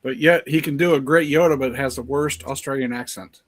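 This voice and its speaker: A man's voice: medium pitch, brisk. A man chatting easily and laughing a lot as a guest on a video-call stream. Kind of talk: casual chat.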